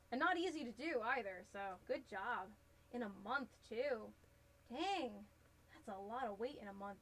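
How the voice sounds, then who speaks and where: A woman's voice: a little high, fairly bright tone, a little hiss or hum, rough recording. A woman chatting casually while she crafts a cosplay on a live stream, rambling, laughing often and answering her chat. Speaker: cosplay livestreamer.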